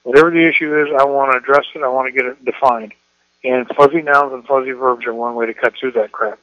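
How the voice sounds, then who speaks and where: A man's voice: mid-range voice, fairly even intonation, quick pace, no echo, muffled recording. A middle-aged man from Iowa, a school principal giving a folksy talk to educators and acting out the people he quotes. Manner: folksy storyteller, acts out quoted voices. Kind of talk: presentation to educators.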